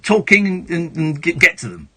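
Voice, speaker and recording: Sarcastic high-voiced radio host. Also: male voice, very animated, normal speed, sharp tone. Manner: sarcastic, dismissive of callers. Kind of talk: late-night phone-in banter. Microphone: studio microphone.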